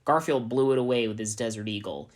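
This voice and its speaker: Male narrator, deadpan straight reading of a fan story. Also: mid-range voice, quick pace. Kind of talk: dramatic reading of fan fiction.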